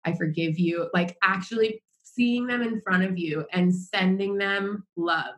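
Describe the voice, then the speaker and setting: A woman's voice: medium pitch, steady tone, measured pace, dull audio. An American woman chatting casually as a podcast co-host, rambling with lots of "like" fillers. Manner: rambling, heavy use of "like" fillers. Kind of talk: casual chat.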